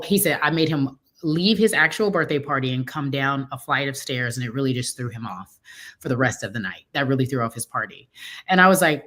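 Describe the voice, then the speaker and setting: A woman with a notably deep voice co-hosts a relaxed talk show. She is middle-aged and tells her stories with animation, slipping into the voices of the people she quotes. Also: brisk. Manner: animated storytelling, acting out quoted dialogue. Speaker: co-host. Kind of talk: casual chat.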